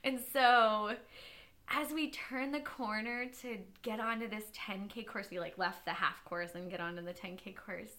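A woman interview guest talking about running, telling stories in an animated way and often laughing. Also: mid-range voice, moderate pace, few pauses. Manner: animated storyteller, laughs often, many restarts. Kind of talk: casual interview conversation.

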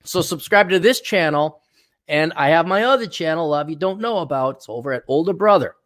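A man's voice: fairly high pitch, animated, a little fast, fairly bright tone. A man hosting a solo podcast, ranting in a profane, sarcastic way and mocking people he disagrees with. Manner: mock voices for people he ridicules. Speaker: podcast host.

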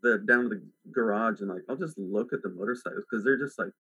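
A man hosting a podcast in casual chat, talking in a relaxed, rambling way with lots of filler words. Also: lowish voice, quick pace, breathy edge, dry recording, rough recording. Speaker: podcast host. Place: at home.

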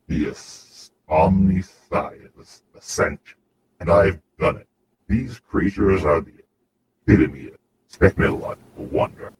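A man voicing a zealous, arrogant male machine-cult priest villain, speaking in slow, solemn declamations. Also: low voice, background noise.

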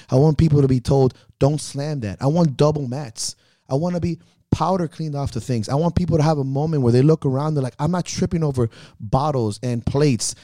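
A man's voice: medium pitch, warm tone, no room sound, studio quality. A man co-hosting a podcast, talking bluntly and with lots of swearing as he rants about running meets. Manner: blunt, profane, ranting. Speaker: podcast co-host, meet promoter. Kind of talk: casual chat.

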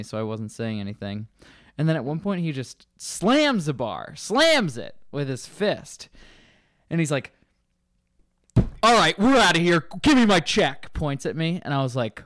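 Animated, swearing man telling a story. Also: medium pitch, no echo, clean studio sound. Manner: animated, swearing, acts out loud angry voices. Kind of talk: casual storytelling chat.

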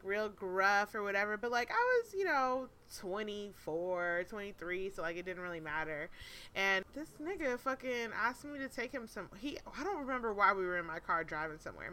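Bright, animated woman chatting. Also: mid-range voice, clean tone. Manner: profane, animated, laughs often. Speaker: podcast co-host. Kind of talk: casual chat, storytelling.

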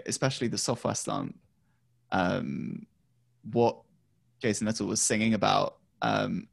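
Gravelly low-voiced man talking music. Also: dry recording. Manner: rambling, many ums and restarts. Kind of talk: casual music chat.

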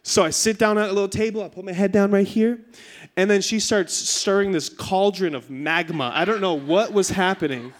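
A man in his thirties preaching a sermon in church, telling a comic story with lots of energy before turning to his message. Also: moderate pace. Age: 30s. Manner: animated storyteller, rising to high excited pitch in punchlines. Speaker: pastor. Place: church stage.

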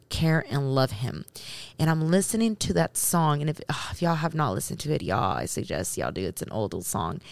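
Lady with a pretty low voice, chatty storytime, talking right to the camera, dry sound. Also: gravelly, dry recording. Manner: animated, talks straight to the audience. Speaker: vlogger telling a story to her husband and viewers. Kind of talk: casual storytime.

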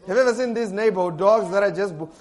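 A man preaches with a high, lively voice. He breaks into loud bursts when he quotes, and he laughs often as he talks. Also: quick pace. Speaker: pastor. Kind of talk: sermon.

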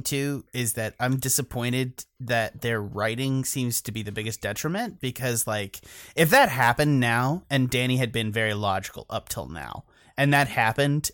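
A man's voice: mid-range voice, a bit bright, dry recording, clean studio sound. A man co-hosting a casual podcast, rambling and cursing, often stopping mid-thought to correct himself. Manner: rambling, profane, self-interrupting. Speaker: podcast co-host.

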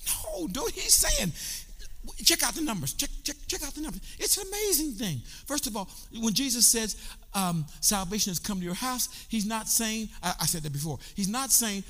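Fiery preacher, high bright voice. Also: male voice, moderate pace. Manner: animated, shouting and half-singing preaching with calls to the congregation. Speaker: pastor. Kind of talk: sermon. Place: church sanctuary. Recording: long hall reverb.

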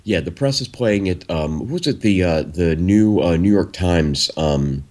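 A man's voice: low-pitched, lively intonation, measured pace, a little mellow. A man co-hosting a casual political talk show, blunt and profane, talking emphatically. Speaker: co-host.

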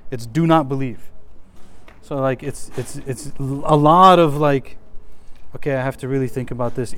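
A man teaching a class in a casual, chatty way, with lots of restarts and his voice a little worn. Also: on the high side. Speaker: religious teacher.

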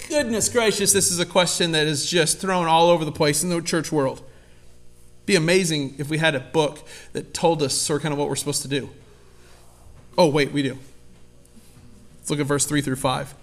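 Animated high-voiced male preacher. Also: normal speed. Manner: animated, conversational, acts out quotes with sudden loud high voices. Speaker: pastor. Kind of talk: sermon.

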